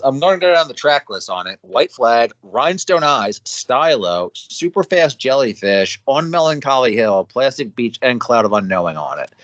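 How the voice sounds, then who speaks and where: A man's voice: medium pitch, big pitch swings, normal speed, few pauses, a bit bright, no room sound. A man co-hosting a podcast, opinionated and joking in a laid-back casual chat. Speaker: podcast co-host. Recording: dull dry podcast mic.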